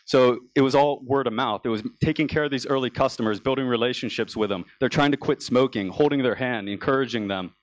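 A man's voice: medium pitch, quick pace, few pauses, dry recording. A young American man giving a business talk on a conference stage, telling his story casually with frequent restarts. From United States. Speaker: conference speaker.

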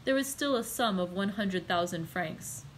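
A woman's voice: medium pitch, animated, moderate pace, slight background noise, lightly acted, poor audio. A woman reading the lines of a nervous, greedy male banker who stammers and frets. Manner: stammering, flustered.

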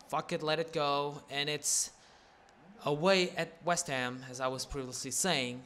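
Give me an excitable, swearing young man with a high voice. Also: moderate pace. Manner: excitable, swears constantly, shouts at big moments. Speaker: gaming commentator. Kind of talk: casual gameplay commentary.

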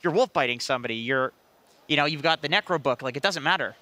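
A man's voice: a little high, animated, fast talker, pushed and bright. A man analyzing esports picks on a live panel in a joking, rambling, self-deprecating way.

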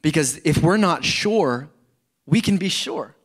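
A man's voice: fairly high pitch, animated, measured pace, slightly rough. A middle-aged man preaching a sermon in church, conversational and earnest, often repeating words and rising into emphasis. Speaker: pastor.

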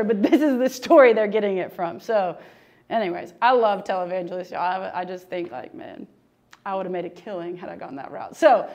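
A woman teaching a humorous, chatty Bible lesson, joking and laughing often. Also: a little high.

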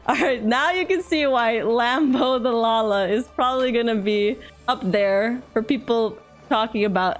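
A woman's voice: a little high, a little slow, hardly any pauses, faint music behind. A young woman streamer, reading a story aloud and then chatting casually and animatedly with her viewers. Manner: animated, giggly, chatty with chat.

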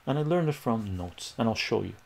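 Gravelly, rambling man telling a story. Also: mid-range voice, brisk. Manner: rambling, animated, laughs often, acts out quoted voices. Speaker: streaming math tutor. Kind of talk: casual livestream storytelling.

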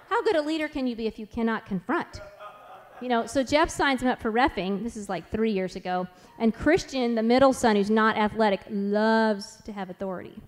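A woman in her forties tells family stories to a conference audience. Her voice is a touch high for a woman, and she talks in a chatty, animated way full of asides. Her delivery runs loose and conversational. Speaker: conference speaker. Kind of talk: storytelling talk.

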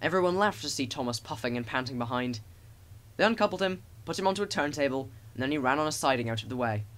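A man narrating a children's storybook with expressive, animated storytelling. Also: medium pitch, quick pace. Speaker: audiobook narrator.

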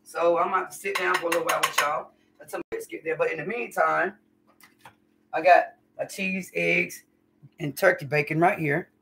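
A woman's voice: on the low side, steady tone, moderate pace, creaky, a bit bright, distant mic, a little hiss or hum. A woman chatting folksily to viewers during a live cooking stream in her home kitchen. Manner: folksy, chatty, calls viewers y'all and honey. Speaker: home cook livestreamer. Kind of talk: casual live cooking chat.

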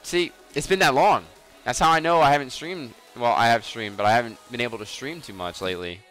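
With soft music playing behind him, a game streamer in his twenties jokes around casually, swearing, teasing viewers and laughing often. His voice is medium in pitch and a bit bright, and he talks fairly quickly.

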